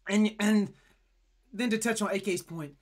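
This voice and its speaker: A man's voice: sits high, measured pace. A young man co-hosting a podcast, telling stories in casual, emphatic chat. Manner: animated storytelling, emphatic. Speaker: podcast co-host.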